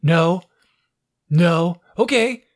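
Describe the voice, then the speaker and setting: A woman's voice: lowish voice, expressive, very slow, a little mellow, full character voice. A parent voicing a bossy female teacher who barks at her students over an online class, repeating their names and making demands. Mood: barking.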